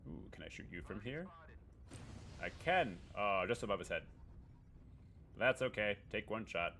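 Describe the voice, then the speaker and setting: A man's voice: lowish voice, expressive, measured pace, pushed and bright, slight background noise. A man streaming a video game live from home, chatting casually and joking with viewers, tossing in goofy beep-boop noises. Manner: playful, jokey, makes beep-boop sound effects.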